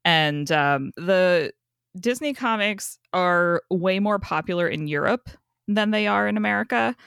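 A podcast co-host chatting casually, talking with lots of fillers and breaking into laughs often. The voice is smooth and resonant, sitting in a middle pitch. The sound is close and dry. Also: expressive, measured pace, fairly bright tone, dry recording. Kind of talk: casual chat.

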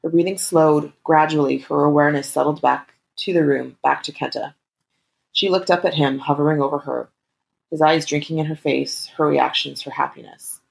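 A woman reading an erotic story aloud in a calm, steady narration. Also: deep voice, moderate pace, creaky, poor audio.

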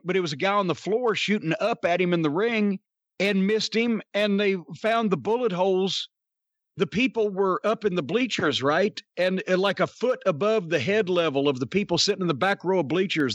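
A man's voice: sits high, a bit bright, no echo, dull audio. A man telling wrestling stories in casual chat, rambling with lots of fillers and swearing. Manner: rambling and profane, many fillers. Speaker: podcast co-host and wrestling storyteller.

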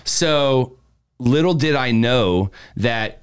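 A man casually telling a story, animated, acting out the voices of the people in it. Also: mid-range voice, extremely slow, smooth. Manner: animated, acts out quotes, laughs while telling. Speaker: podcast guest telling a story.

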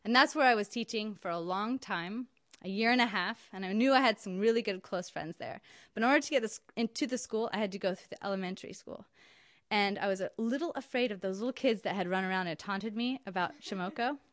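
A woman's voice: mid-range voice, fairly quick, no echo, studio quality. A woman telling a personal story in an emphatic, wry, indignant way. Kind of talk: personal story told to an audience.

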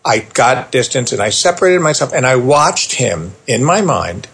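Middle-aged male therapist guest, gravelly and husky, animated storyteller. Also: medium pitch. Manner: animated storyteller, quick asides. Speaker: therapist and parenting author, guest. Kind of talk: conversational storytelling.

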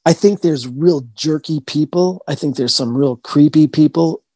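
Man, ghost-hunter guest; mellow husky voice, rambling, restarts a lot, dry close mic. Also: a little high, dry recording. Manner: rambling, halting, with frequent restarts. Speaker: paranormal investigator. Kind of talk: casual storytelling interview.

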